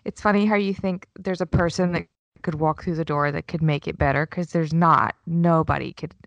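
Frank woman podcast host, lower voice. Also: steady tone, normal speed, no room sound, lo-fi sound. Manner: frank, swears casually, empathetic. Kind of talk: casual chat.

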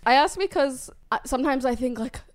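A woman hosting a podcast, chatting casually in a giggly, animated way. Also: sits high, brisk. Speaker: podcast host.

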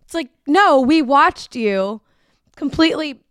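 A woman's voice: high-pitched, animated, measured pace, a bit bright, no echo. A woman co-hosting a casual podcast, chatty and frank, quoting others with amused asides. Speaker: podcast co-host. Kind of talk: casual chat recapping a reality show.

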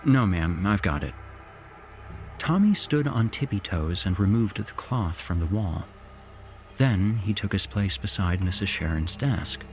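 A man hosting a horror podcast, reading a story in an expressive, unhurried narration. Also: lowish voice, soft background music.

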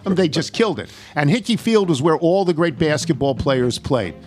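A man's voice: a little high, animated, a little fast, a little mellow. An older man hosting a radio talk show, chatting loosely and reading listener emails aloud with chuckles. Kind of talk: casual radio chat.

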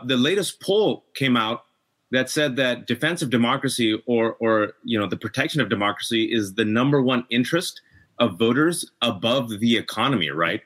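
A man's voice: mid-range voice, fairly bright tone. A middle-aged man speaking as a guest in a political discussion, impassioned and emphatic. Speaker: podcast guest.

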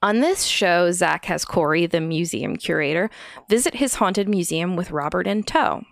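A woman's voice: fairly low pitch, animated, normal speed, creaky, no echo, studio quality. A woman co-hosting a casual podcast, telling eerie stories with frequent laughs. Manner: giggly, storytelling. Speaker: podcast co-host. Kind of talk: casual chat.

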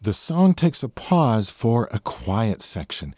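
Lively enthusiastic man breaking down a song. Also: mid-range voice, slow pace, over music. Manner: enthusiastic, teacherly. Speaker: host breaking down a rock song. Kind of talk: explanatory music commentary. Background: the song playing underneath.

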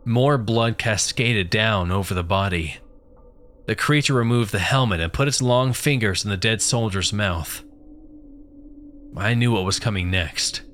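A man narrating a first-person horror story in a steady, grim telling. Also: on the low side, unhurried.

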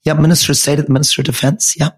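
Guy with a croaky husky voice going through politics on a podcast, steady, lists stuff. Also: on the high side. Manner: measured, lists names and facts. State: croaky, losing his voice. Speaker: podcast co-host.

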